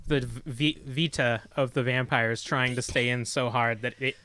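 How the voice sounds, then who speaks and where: A man playing a tabletop role-playing game, lively and quick to laugh. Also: mid-range voice, clean tone, dry recording. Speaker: player. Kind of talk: tabletop role-play chat.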